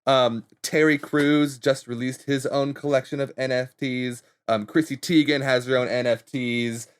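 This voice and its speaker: A man's voice: mid-range voice, steady tone, a little slow, smooth. A man in casual chat on a talk show, explaining internet trends in an upbeat way and laughing often. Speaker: guest internet trends reporter.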